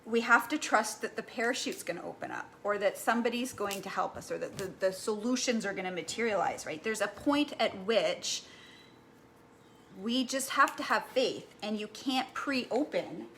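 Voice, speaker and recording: A woman's voice: mid-range voice, animated, moderate pace, fairly bright tone, reverberant, slight background noise. A woman talking casually to the camera while cooking, rambling and chatty, often asking "right?". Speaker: cooking vlogger. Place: kitchen. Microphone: camera mic.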